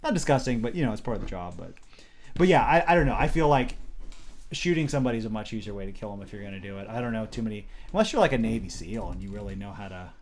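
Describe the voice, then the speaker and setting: A man's voice: on the low side, expressive, rapid-fire. A young man co-hosting a casual comedy podcast, rambling through stories with swearing, restarts and acted-out quotes. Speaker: podcast co-host.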